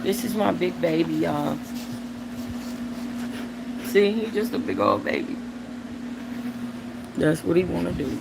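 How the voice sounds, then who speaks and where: A woman's voice: lowish voice, expressive, takes it slowly, vocal fry, pauses often, very noisy. A woman hosting a livestream, giving blunt, profane commentary on viewer comments and talking aside to her dog. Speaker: livestream host.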